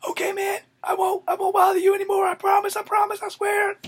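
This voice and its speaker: A man voicing a panicked bully who begs for mercy in a shrill, frantic shout. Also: monotone, fast talker. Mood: begging shout.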